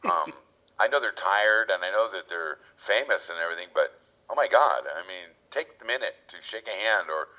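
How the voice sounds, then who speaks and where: A man's voice: fairly low pitch, normal speed. A man guest telling casual stories and acting out the people in them. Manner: animated storyteller, acts out quotes. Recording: lo-fi muffled audio.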